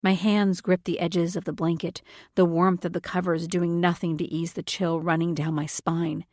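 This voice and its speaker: A woman narrating a romance audiobook in the first person, in an even, measured storytelling manner. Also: lowish voice, dry recording, clean studio sound.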